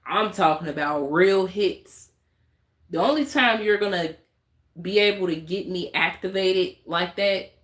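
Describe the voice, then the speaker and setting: A woman's voice: on the low side, roomy sound. A woman, ranting emphatically in a candid vlog and repeating her points. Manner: emphatic and repetitive, talks with her hands. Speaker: YouTube vlogger. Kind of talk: candid vlog rant to camera.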